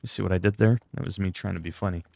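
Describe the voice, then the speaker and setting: Racing along in a deep, gravelly, darkish voice with a steady tone, a young man streams a game and chats casually. He rambles, filling gaps with fillers and self-deprecating jokes.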